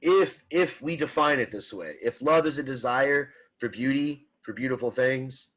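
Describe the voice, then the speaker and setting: A man teaching an online philosophy class, talking in halting restarts and often checking in with "right?". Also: mid-range voice, a bit bright, highs cut off. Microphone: computer mic on a video call.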